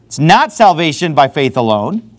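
A man preaching a sermon, talking in an animated way and sometimes mocking other preachers. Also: on the high side, normal speed. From not from the American South.

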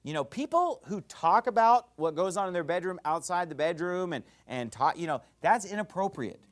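A man preaching a sermon as pastor, fiery and emphatic, swinging between loud bursts and quiet asides. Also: high-pitched, lively intonation, normal speed.

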